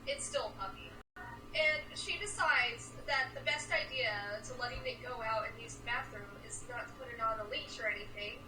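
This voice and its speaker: A young woman guest on a casual stream, telling rambling anecdotes full of fillers. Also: high voice. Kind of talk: casual chat. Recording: distant, roomy, noisy mic.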